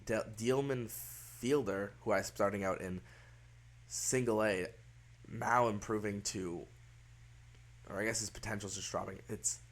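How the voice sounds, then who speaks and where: A young man with a nasal, stuffed-up voice from a cold, casually commentating a baseball management game with rambling, wry asides. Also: on the low side. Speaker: gaming video host.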